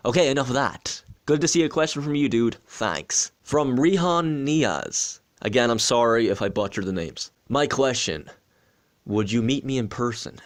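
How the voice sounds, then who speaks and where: A man's voice: mid-range voice, moderate pace. A young Irish man in his twenties, hosting a casual question-and-answer vlog in a chatty, joking, self-deprecating way. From Ireland. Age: 20s. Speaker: wrestling channel host.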